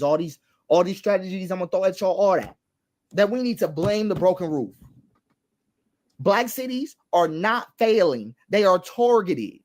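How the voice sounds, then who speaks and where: A man with a high, somewhat dark voice hosts an online show. He gives impassioned political commentary, leaning on emphatic repetition and long lists.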